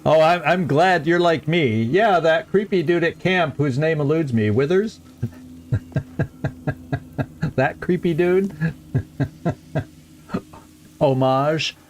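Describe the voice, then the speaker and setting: A man's voice: a little high, slow, long pauses, slight background noise. A middle-aged man giving chatty, rambling commentary while playing a game, chuckling often. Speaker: let's play host. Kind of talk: casual gameplay commentary.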